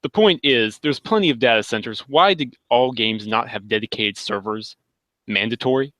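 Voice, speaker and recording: Bright-voiced exasperated man ranting. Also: medium pitch, moderate pace, dry recording. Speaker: podcast panelist. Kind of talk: casual chat.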